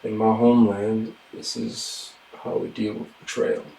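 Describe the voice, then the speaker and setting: A man's voice: fairly low pitch, fairly even intonation. A man voicing a heartbroken betrayed warrior woman. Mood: cold. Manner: quiet, slow, heartbroken reproach. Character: betrayed grieving female warrior, wounded and cold. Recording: roomy sound from a distant mic.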